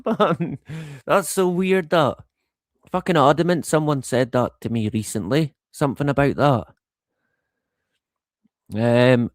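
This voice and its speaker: Slow, rambling man on a live stream. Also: mid-range voice, no room sound. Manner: rambling, swears freely, chuckles often. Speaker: livestream host. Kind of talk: casual live-stream chat.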